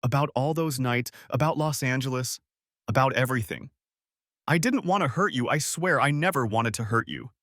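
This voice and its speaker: A man's voice: mid-range voice, moderate pace, fairly bright tone, dry recording, clean studio sound, natural voice. A man voicing a distraught woman who confesses through tears, her voice shaky and stammering. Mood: tearful.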